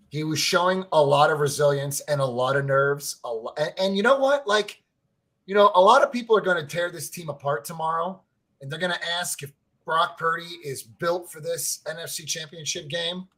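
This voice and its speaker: A man co-hosting a casual sports podcast, telling stories in an animated way, swearing freely and saying "like" and "right?" a lot. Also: fairly high pitch, moderate pace. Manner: excitable, fan-to-fan talk addressing listeners as family. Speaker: podcast co-host.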